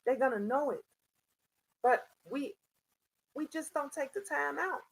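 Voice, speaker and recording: A woman's voice: high-pitched, a little slow, vocal fry, low-quality recording. A middle-aged woman, hosting a livestream and giving parenting advice in a preachy, repetitive way while answering chat. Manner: preachy, repeats lines for emphasis, reads chat names. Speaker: livestream host. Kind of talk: casual live-chat monologue.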